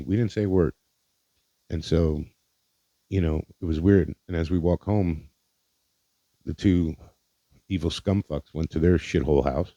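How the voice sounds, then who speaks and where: Deep-voiced man telling a raw story. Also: warm tone, no room sound, dull audio. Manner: candid, profane, halting with repeated words. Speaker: podcast host. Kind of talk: personal storytelling monologue.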